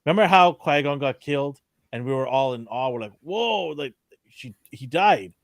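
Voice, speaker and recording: An opinionated man co-hosting a casual podcast chat, given to ranting. His voice sits at a medium pitch. The sound is dry and close, with no room around it. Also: normal speed, no room sound. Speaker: podcast co-host.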